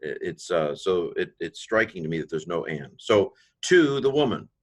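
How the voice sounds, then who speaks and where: A man giving an informal grammar lecture, thinking aloud with many fillers and slowing down to stress key phrases. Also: low voice, big pitch swings. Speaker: teacher.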